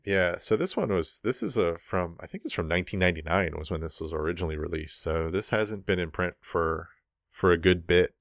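Low-voiced, relaxed board game podcaster. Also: male voice, fairly quick, creaky, no room sound, clean studio sound. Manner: relaxed, rambling, many ums. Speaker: podcast host presenting board game news. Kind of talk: casual podcast chat.

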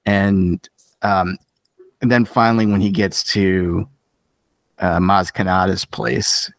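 A man co-hosting a podcast in casual chat, opinionated and animated, jumping up in pitch for emphasis. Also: slow pace, gravelly, no room sound. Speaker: podcast co-host.

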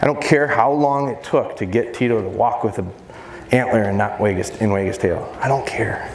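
Man giving an echoey seminar talk. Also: normal speed. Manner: lively, jokey, acts out high baby-talk voices to dogs. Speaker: dog trainer giving a seminar. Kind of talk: live seminar talk to an audience. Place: large expo hall. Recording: echoey hall with faint noise.

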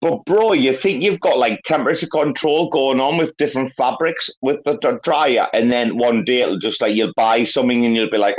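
An excitable man hosts a loose online voice chat, swearing freely and hyping up his guests. His voice sits at an average pitch. The audio comes through slightly dull and lo-fi. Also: moderate pace, hardly any pauses. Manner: excitable, swears a lot, hypes people up. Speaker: host. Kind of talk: casual chat. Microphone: online audio call.

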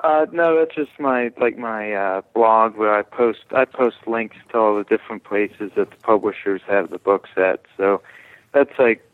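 A man answering interview questions as a podcast guest, hesitant and full of fillers. His voice sits on the low side. It comes through a narrow, phone-like line. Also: normal speed, dry recording. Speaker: guest comic book creator.

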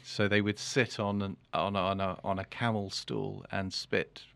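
A man's voice: fairly low pitch, flat delivery, normal speed, gravelly, a bit bright, no echo. A man being interviewed as an author, talking casually and hesitantly, with many restarts and fillers. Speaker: author and guest.

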